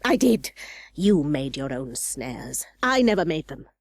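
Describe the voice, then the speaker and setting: Miss Havisham, bitter old recluse. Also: female voice, deep voice, very animated, a little slow, dry recording, exaggerated voice. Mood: brooding. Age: older. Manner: flashes into sudden wrath, then broods. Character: bitter, brooding old jilted woman, wild-tempered. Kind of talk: audiobook dialogue.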